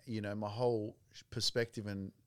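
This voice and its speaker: Low smooth-voiced podcast host man. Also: little pitch movement, brisk, no echo. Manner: earnest, addresses listeners directly. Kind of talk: casual interview chat.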